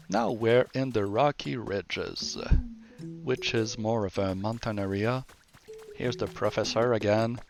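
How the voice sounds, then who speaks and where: Male streamer, French-Canadian accent, low-ish and slow; casual rambling commentary with faint music underneath. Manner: relaxed, rambling, self-correcting. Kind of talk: casual game walkthrough commentary.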